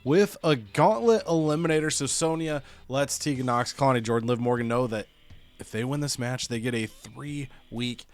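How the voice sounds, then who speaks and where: A man with an everyday mid-pitched voice recaps his wrestling game show, joking along as he goes. Faint music runs underneath. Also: normal speed. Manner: playful, quips and acts out wrestlers' lines. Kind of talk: casual gaming chat.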